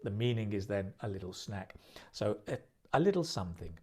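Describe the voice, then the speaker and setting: A man teaching English idioms in a recorded video lesson, speaking slowly and clearly and repeating phrases for practice. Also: lowish voice, sing-song, mellow.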